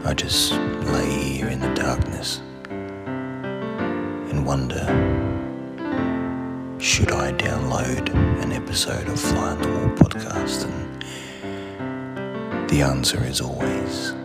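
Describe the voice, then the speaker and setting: A man putting on a slow, deep brooding voice as a sleepless man for a show promo, over music. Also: completely flat delivery. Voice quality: deep drawn-out voice. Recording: voice over loud piano music.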